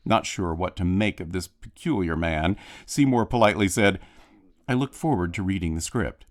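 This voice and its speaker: A man with a lowish voice narrates a prepared film commentary. He tells backstage anecdotes at a measured pace and gives the quoted lines a little voice of their own. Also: lively intonation. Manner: measured storytelling, lightly acting out quotes. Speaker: film historian giving audio commentary. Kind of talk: scripted commentary reading.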